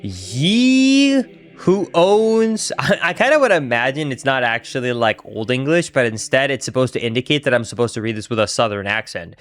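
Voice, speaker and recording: A young man streaming a live playthrough, chatting excitedly and reacting aloud to the game and his chat. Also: medium pitch, fast talker, few pauses, faint music behind. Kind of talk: live gameplay commentary.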